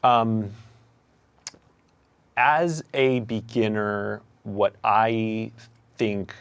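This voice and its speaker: Young male comedian-host, low-pitched, thoughtful and halting, casual interview talk. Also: fairly even intonation, smooth, dry recording, dull audio. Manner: reflective, hesitant, many fillers and restarts.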